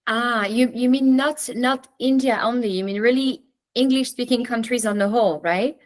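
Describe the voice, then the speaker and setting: A woman's voice: on the high side, moderate pace, poor audio. French woman chatting as guest teacher. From France. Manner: chatty, thinks aloud with frequent restarts. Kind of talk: casual teaching chat. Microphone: video call.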